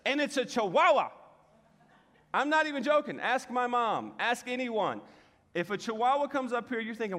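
Guy preaching with jokes, kinda high voice, big hall echo behind him. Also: normal speed. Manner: joking storyteller, animated. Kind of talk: humorous sermon. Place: church hall with audience. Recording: hall reverb.

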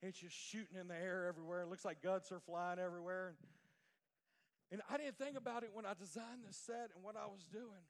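A man preaching a sermon, swinging from loud emphatic declarations to quiet storytelling. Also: sits high, steady tone, a little fast.

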